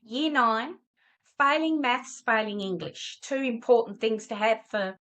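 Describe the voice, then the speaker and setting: A woman's voice: on the high side, measured pace, rough recording. A middle-aged woman, a tutor telling a story as an interview guest and acting out the voices of the people in it. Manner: animated, acts out quoted voices. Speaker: tutor and education business owner, interview guest.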